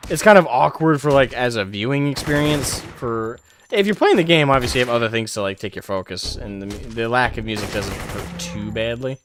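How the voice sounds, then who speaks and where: A man's voice: mid-range voice, lively intonation, brisk, noisy background. A man giving casual, rambling commentary while livestreaming a game, full of fillers and the odd curse. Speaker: game streamer.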